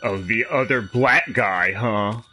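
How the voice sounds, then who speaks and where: A man's voice: fairly low pitch, takes it slowly, soft background music, poor audio. A man streaming a game, trash-talking in loose, profane commentary. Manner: profane, animated trash talk. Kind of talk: live gameplay commentary.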